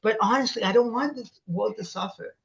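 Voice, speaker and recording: A man's voice: high-pitched, fairly quick, vocal fry, a bit bright. Passionate young man, dull lo-fi audio. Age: 20s. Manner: passionate, insistent, repeats phrases. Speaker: interview guest. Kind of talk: emotional conversational interview.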